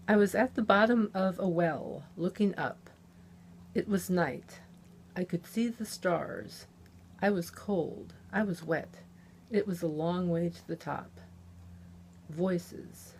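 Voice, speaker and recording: A woman author reading a chapter of her own novel aloud in the first person, in a measured, plain storytelling manner. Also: lowish voice, creaky, a little mellow, slight background noise. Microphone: omnidirectional studio mic.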